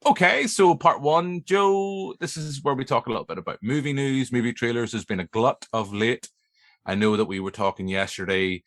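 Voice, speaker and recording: A man's voice: medium pitch, moderate pace, fairly bright tone. A man with a Northern Irish accent hosting a movie podcast, chatting casually in a jokey, rambling way with many fillers. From Northern Ireland. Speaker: podcast host. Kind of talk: casual chat.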